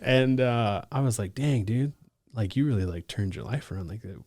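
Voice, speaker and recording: Low-voiced man telling his story, dry close mic. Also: a little mellow, no echo. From Alaska. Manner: loose, slangy talk full of "like" and "bro", quick to laugh. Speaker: case manager, podcast guest. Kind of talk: casual storytelling chat.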